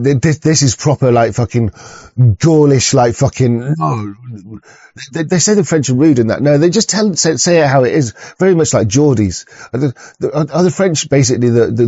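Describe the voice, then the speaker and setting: A man's voice: mid-range voice, mellow, no room sound. A man hosting an online show, talking in a crude, rambling way, swearing often and stumbling over restarts. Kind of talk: rambling casual monologue. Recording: dull lo-fi recording.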